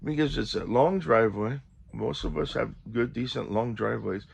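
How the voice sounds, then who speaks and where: A man's voice: mid-range voice, normal speed, creaky, husky. A man vlogging, telling a story casually and animatedly, acting out the quotes.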